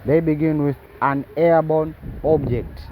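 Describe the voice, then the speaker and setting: A man reading news reports aloud and breaking in with sarcastic commentary, halting often and tagging lines with questions. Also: a little high, steady tone, narrow, tinny audio, a little hiss or hum. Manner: halting, with many fillers and restarts.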